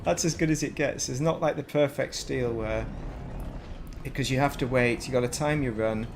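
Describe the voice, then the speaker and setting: A man's voice: medium pitch, normal speed, background noise. A man with a Northern English accent, chatting casually while commentating his gameplay stream and wandering into rambling, self-mocking asides. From Northern England. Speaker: gaming streamer.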